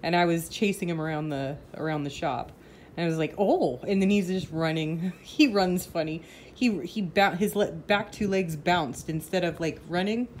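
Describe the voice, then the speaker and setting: A woman's voice: lowish voice, normal speed, a little hiss or hum. A woman casually chatting to the camera at home, telling stories and now and then breaking off to scold her dogs. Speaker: vlogger. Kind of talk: casual chat. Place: home with pets.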